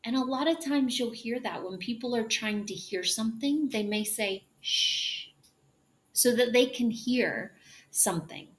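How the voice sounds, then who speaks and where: A woman teaching English pronunciation, demonstrating sounds slowly and drawing out hushing noises. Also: fairly high pitch, animated. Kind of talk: pronunciation lesson.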